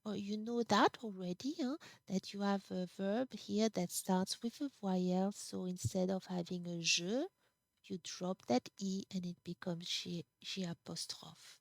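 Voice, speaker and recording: A woman teaching a language class, explaining slowly and patiently, sometimes restarting words. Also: mid-range voice, creaky, dry recording, studio quality. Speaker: French teacher. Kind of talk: classroom lesson.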